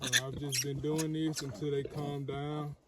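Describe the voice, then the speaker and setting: A man, talking slowly and gently as he explains handling piglets in a casual farm vlog. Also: a little high, little pitch movement, crowd noise. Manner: slow, soothing, talks gently to piglets. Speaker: farm vlogger. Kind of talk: casual vlog narration while handling animals. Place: outdoor pig pen on a farm. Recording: noisy outdoor farm recording. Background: squealing piglets and grunting pigs.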